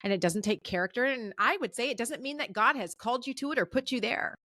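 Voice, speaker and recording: Woman guest in her 30s, crisp bright tone, dry close sound, emphatic encouraging delivery. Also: fairly high pitch, animated, fast, no echo. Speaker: guest, communications professor. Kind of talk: conversational podcast interview.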